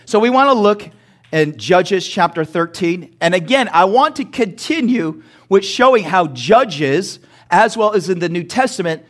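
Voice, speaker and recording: A man preaching a sermon as pastor, asking the congregation to repeat words after him and building to shouts. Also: sits high. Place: church sanctuary.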